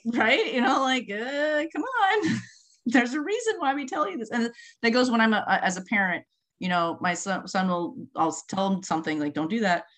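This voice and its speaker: A middle-aged woman who researches marine mammals, telling field stories in a casual, animated way, laughing often and acting out quotes. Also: on the high side, normal speed. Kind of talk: casual conversational storytelling.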